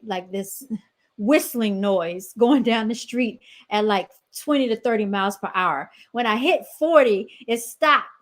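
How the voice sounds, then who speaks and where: A woman in her thirties talks to her podcast audience in a relaxed, rambling monologue. She tells one story after another and keeps turning back to her listeners as she goes. Her voice sits at an ordinary middle pitch for a woman. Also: a little hiss or hum. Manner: chatty storytelling, keeps addressing listeners as y'all. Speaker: podcast host.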